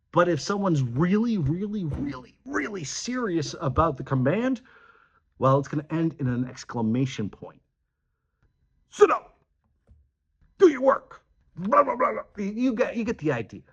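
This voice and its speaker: Animated, husky-voiced male teacher. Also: fairly high pitch, muffled recording. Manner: animated, acting out example sentences. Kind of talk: classroom grammar lesson.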